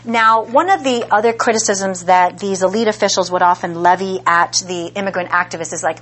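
A woman's voice: mid-range voice, brisk, hardly any pauses, fairly bright tone. A woman giving an academic lecture in a conversational way, often checking in with the listeners. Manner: conversational, frequent "right?" check-ins.

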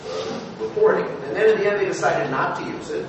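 A man, a former TV news producer, telling anecdotes to an audience, lively and halting with fillers and restarts. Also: high-pitched. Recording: echoey hall, voice from far off with noise.

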